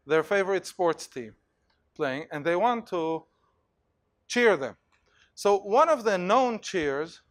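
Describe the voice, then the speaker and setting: A male university lecturer giving an animated lecture in a hall, telling stories and acting out examples with plenty of fillers. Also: on the high side. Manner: animated storytelling, acts out cheers, many fillers.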